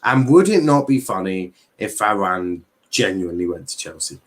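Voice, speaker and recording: A young man hosting a casual football livestream, bantering with chat, swearing and reading transfer news aloud. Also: on the low side.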